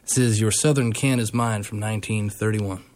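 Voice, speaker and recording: Guy with a lowish voice doing radio dj talk, lots of uh and um. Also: steady tone, moderate pace, a little mellow, no room sound. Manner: hesitant, frequent fillers. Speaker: radio show host.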